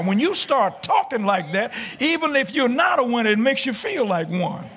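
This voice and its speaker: A man preaching a sermon in church, emphatic, building to shouted lines and repeating his phrases. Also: very high voice, very animated, normal speed, hardly any pauses, breathy edge.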